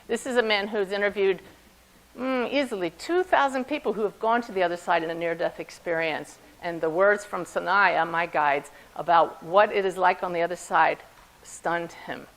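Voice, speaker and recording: A woman's voice: fairly low pitch, fairly bright tone, rough recording. A woman, a spiritual medium, giving an earnest, enthusiastic talk to an audience.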